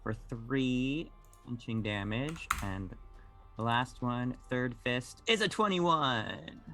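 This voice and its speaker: Bright-voiced, slow-talking man player. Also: mid-range voice, expressive, faint music behind. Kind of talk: casual play at a tabletop game.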